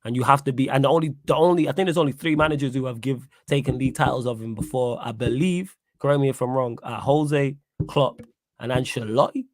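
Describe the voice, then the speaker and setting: A man's voice: mid-range voice, fast, no echo, clean studio sound. A man co-hosting a football talk stream, pushing back with questions and asking the chat for facts. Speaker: co-host of a football talk show. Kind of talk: casual debate on a livestream.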